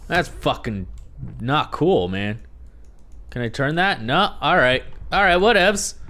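A young man commenting on a horror game he is playing, sarcastic and swearing, jumping between low mutters and startled yelps. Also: big pitch swings, takes it slowly, pushed and bright. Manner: jumpy, sarcastic and profane, swinging from muttering to yelps. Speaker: gaming video host. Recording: faint music behind the voice.

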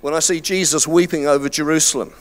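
A man's voice: a little high, fairly even intonation, fast. An older man preaching a sermon in a chatty, self-deprecating way, with many fillers and restarts. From United Kingdom. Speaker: pastor. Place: church hall.

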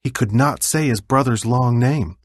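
A man narrating children's stories aloud with clear, expressive storytelling. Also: medium pitch, normal speed, no room sound, studio quality.

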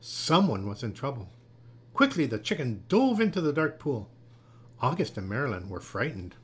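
A man gently and expressively reading a children's picture book aloud. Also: medium pitch, sing-song, moderate pace, breathy edge. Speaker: storyteller.

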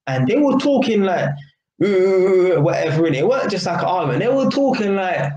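High-pitched and sing-song, a young English vlogger with a London accent talks fairly quickly in a darkish tone as he rants casually to camera. His heated street slang keeps circling back to "innit," and the echoey recording sounds dull, with faint ambience.

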